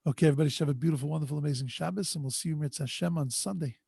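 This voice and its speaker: A man, a rabbi, teaching a Torah class over a video call in an earnest, drawn-out way, sprinkled with Hebrew and Yiddish terms. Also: on the high side, vocal fry, dark tone, husky, no echo. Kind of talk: storytelling Torah lesson. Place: home online video call. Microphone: video call microphone.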